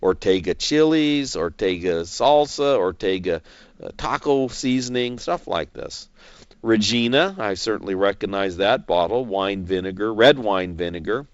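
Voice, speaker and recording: A man's voice: lowish voice, animated, measured pace, no echo. A folksy male market commentator whose voice rises and falls a lot. He talks about investing in a chatty, joking way. The sound is dry and a little dull, like a lo-fi recording. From California, United States. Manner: folksy, chatty, jokes as he goes.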